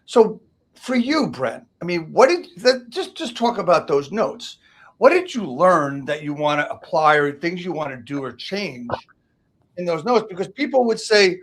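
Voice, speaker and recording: A man hosting a casual interview, his voice sitting slightly high. He stops and restarts his questions as he works his way toward them. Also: very animated, moderate pace. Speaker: host.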